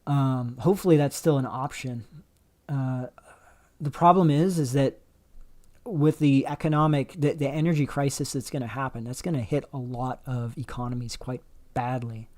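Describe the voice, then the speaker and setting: A man's voice: mid-range voice, fairly even intonation, moderate pace, darkish tone. A man hosting a casual livestream, rambling through chat questions with many fillers and restarts. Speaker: livestream host. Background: dog barking faintly.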